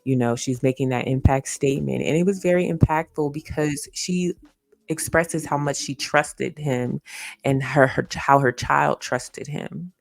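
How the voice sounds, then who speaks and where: A woman's voice: low-pitched, a little slow, vocal fry, no echo. A woman hosting a casual commentary livestream, earnest and repeating her points with lots of "you know" fillers. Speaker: host. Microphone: streaming setup.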